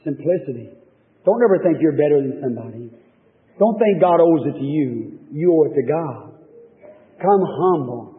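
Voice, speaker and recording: A man preaching a fervent sermon, retelling scripture in folksy speech with swings from loud to hushed. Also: a little high, animated, moderate pace. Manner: fervent, rising and falling storytelling, folksy speech. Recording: tinny lo-fi old sermon tape, reverberant hall.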